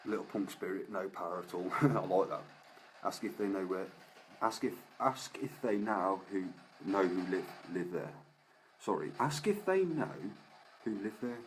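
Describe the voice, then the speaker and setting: During a live paranormal investigation, a ghost hunter calls out to spirits in a commanding manner. His voice is on the low side, with lively intonation and a measured pace, and the surrounding ambience is noisy.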